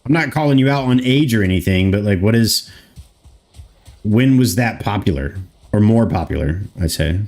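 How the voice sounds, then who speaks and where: Streaming gameplay, an American man around thirty chats loosely with viewers, meandering, replying to chat and dropping casual swears. He speaks at a moderate pace in an expressive, darkish voice on the low side.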